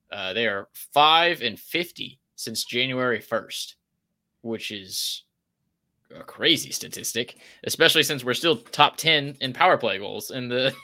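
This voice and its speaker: A man's voice: medium pitch, pushed and bright. A man co-hosting a sports talk show, commenting wryly and analytically and reading out viewer comments. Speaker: sports podcast co-host. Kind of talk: casual chat.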